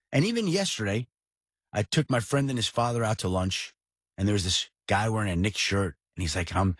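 Husky, emphatic middle-aged sports podcast host. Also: male voice, medium pitch, no echo, clean studio sound. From New York area. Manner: animated, emphatic storyteller. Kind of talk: casual sports talk.

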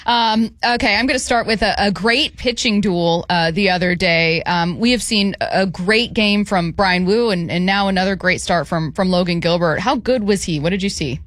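A woman's voice: mid-range voice, moderate pace, hardly any pauses, fairly bright tone, dry recording. A woman hosting sports radio, asking questions in a casual conversational way with fillers.

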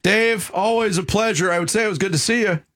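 A man hosting morning sports radio in a slightly high voice. He moves smoothly through the wrap-up and the tease for the next segment. The sound is dry and close. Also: fast, a bit bright, no echo. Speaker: radio sports show host.

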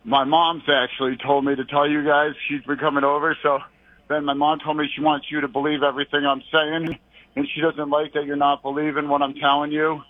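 A man's voice: on the high side, flat delivery, brisk, dry recording. A male caller from the Boston area, out of breath, rambling through scattered stories on the phone. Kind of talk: rambling call-in. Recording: tinny phone line.

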